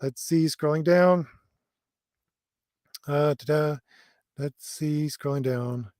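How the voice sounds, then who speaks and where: A middle-aged man hosting a livestream reads viewer comments slowly in a rambling way, with lots of fillers and chuckles. His voice is on the high side and a little mellow, captured in a dry studio-quality recording. He says it has always been heard as an old man's voice.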